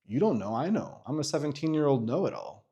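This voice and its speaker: A man in his thirties telling a personal story in a candid vlog, animated, swearing freely and full of fillers and restarts. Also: medium pitch, fast talker, husky. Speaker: vlogger.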